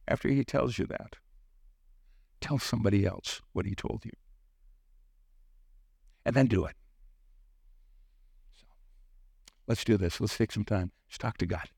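A man's voice: on the low side, normal speed, gravelly, pauses often, a little mellow, no room sound, studio quality. A middle-aged man preaching a sermon, telling personal stories and acting out the people in them. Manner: storytelling, acts out quoted voices with sudden lifts. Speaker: preacher on a church teaching team.

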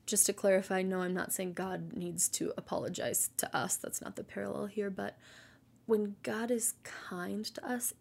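A woman with a slightly gravelly, husky voice speaks at a middling pitch. She gives a casual devotional talk as a Christian mother. Her delivery is earnest and gentle, and she often sinks into a soft near-whisper. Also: level tone, normal speed.

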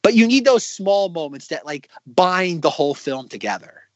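A man co-hosting a casual film podcast, talking excitedly with lots of fillers and restarts. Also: high voice, normal speed, no echo, lo-fi sound. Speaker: podcast co-host.

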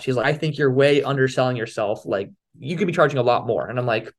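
A young man from the Philadelphia area telling stories as an interview guest, lively and acting out the other people's lines. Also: medium pitch, brisk. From Philadelphia area, USA. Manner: animated storyteller, acts out quoted dialogue. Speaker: guest, balancing performer. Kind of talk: casual storytelling interview.

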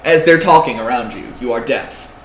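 A man running a tabletop game as game master, narrating slowly with hesitant fillers. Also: medium pitch. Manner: slow, soothing descriptive narration with hesitant fillers. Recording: echoey room.

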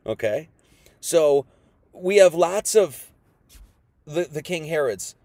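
A man's voice: a little high, expressive, slow pace, darkish tone, no room sound. Combative, folksy preacher man. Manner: rhetorical questions, folksy and combative. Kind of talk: informal sermon.

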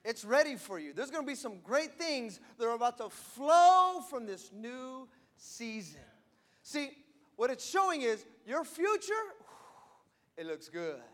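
A man preaching an emphatic sermon from the pulpit, repeating and stressing his key lines. His voice is unusually high for a man. He speaks to a live congregation in a church. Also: big pitch swings, unhurried, fairly bright tone. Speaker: pastor.

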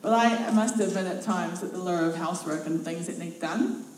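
A woman preaching a sermon in a church, telling Bible stories with lively, expressive delivery and acting out the lines. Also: on the low side, fairly quick, slight background noise. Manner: expressive storytelling, acts out quotes. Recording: very echoey church from a distance.

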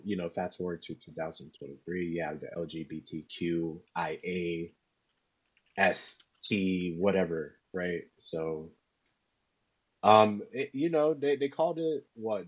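A man co-hosting a podcast in casual chat, talking haltingly and repeating words. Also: low voice, slightly rough, highs cut off. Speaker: podcast co-host.

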